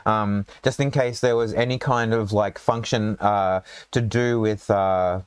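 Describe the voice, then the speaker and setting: A low-pitched man with an Australian accent talks loosely and rambles, thinking aloud through lots of fillers as he sketches a dungeon map. His voice is recorded close and dry, with no room sound. The talk is a casual, joking chat. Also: steady tone, unhurried, smooth, dry recording. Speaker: dungeon designer and show host.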